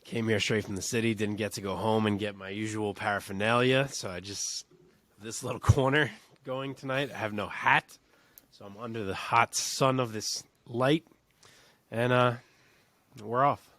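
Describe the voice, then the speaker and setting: New york guy, lowish voice, dry close sound, tired wry jokes. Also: steady tone, moderate pace, a bit bright, no echo. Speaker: co-host. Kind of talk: casual chat.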